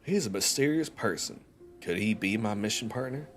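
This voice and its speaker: A young man with a relaxed Southern US drawl and a lowish voice, reading game narration slowly and joking with his audience between lines. Soft music plays underneath. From Georgia, USA. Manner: chatty, joking, slow and deliberate when narrating. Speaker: streamer. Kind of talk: casual chat while reading a game story aloud.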